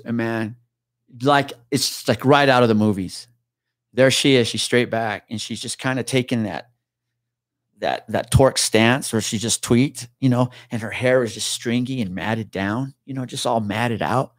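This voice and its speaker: A man's voice: mid-range voice, dry recording, clean studio sound. A man guest on a podcast, a retired police officer telling a story in casual talk, swearing freely and acting out what others said.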